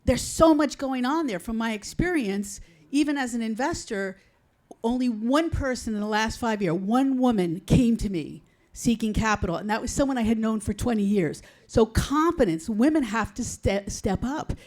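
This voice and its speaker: A woman investor speaks up from the conference audience in an emphatic, enthusiastic way. Her voice is a little high, and she pushes her points with energy. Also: lively intonation, normal speed, a little mellow.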